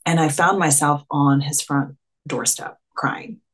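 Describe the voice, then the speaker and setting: A woman's voice: low-pitched, steady tone, unhurried. A woman coach talking casually as a webinar guest, full of fillers and acted-out quotes. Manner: chatty, filler-heavy, acts out quoted dialogue. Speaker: clarity and confidence coach.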